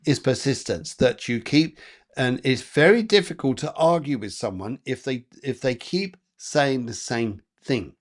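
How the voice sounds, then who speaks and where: A man's voice: mid-range voice, animated, unhurried. A man working as a psychic medium, giving rambling, chatty live card readings with lots of fillers and repeated phrases.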